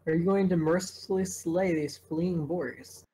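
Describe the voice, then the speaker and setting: Mellow-voiced wry game master. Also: mid-range voice, a little slow, slight background noise, poor audio. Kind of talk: narrating a tabletop game.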